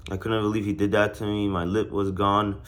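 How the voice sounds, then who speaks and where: A young man vlogger speaks with a somewhat low voice. He talks bluntly and swears often, but his delivery stays subdued. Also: little pitch movement, brisk, fairly bright tone. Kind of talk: emotional storytime vlog.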